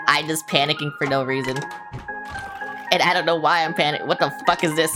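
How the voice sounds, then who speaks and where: A woman with a low, deep voice chatters through a live game stream, jumpy and easily rattled, cursing freely as she goes. Clear game music plays underneath her. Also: brisk. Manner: excitable, panicky, swears casually. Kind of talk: live gameplay commentary.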